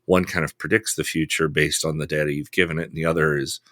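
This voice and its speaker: A deep-voiced man hosts a podcast interview. He asks questions in a relaxed, curious way and pokes fun at his own nerdiness. His voice sounds close and dry, with no room echo. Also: fast talker. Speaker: podcast host. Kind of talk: casual interview chat.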